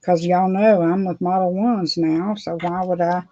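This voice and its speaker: A woman's voice: fairly low pitch, steady tone, moderate pace, warm tone, dry recording. Middle-aged woman, chatty nail vlogger, muffled dry home recording. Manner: rambling, laughs often. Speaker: beauty vlogger. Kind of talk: casual chat while doing nails. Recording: dull dry lo-fi sound.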